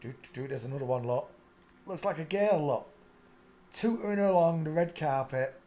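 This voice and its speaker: His voice is warm and medium-pitched with lively intonation, and he talks at a normal speed over a little hiss or hum. As a streaming channel host, he jokes his way through photos he's viewing, mocking them and often giggling.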